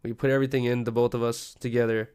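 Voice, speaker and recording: A man's voice: medium pitch, little pitch movement, fast talker, a little mellow, smooth. A man with an American accent chatting casually on a late-night stream, rambling and swearing and laughing easily.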